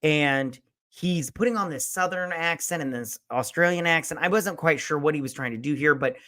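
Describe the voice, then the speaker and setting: A man hosting a casual spoiler movie review, rambling and profane, full of fillers, who acts out lines with sudden jumps in pitch and loudness. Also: normal speed.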